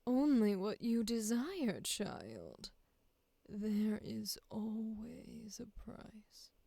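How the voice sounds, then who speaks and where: A woman voicing a taunting, demonic beast in a breathy, sultry hush for an audition, close on a studio mic. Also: on the high side, animated, drawn-out words, dry recording, exaggerated voice. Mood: low sultry. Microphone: close studio microphone.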